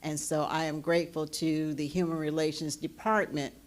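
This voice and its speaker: Enthusiastic woman, low voice. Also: little pitch movement, normal speed. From North Carolina. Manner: enthusiastic, repeats words, folksy. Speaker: commissioner giving a welcome. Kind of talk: public welcome speech. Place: forum hall at a college.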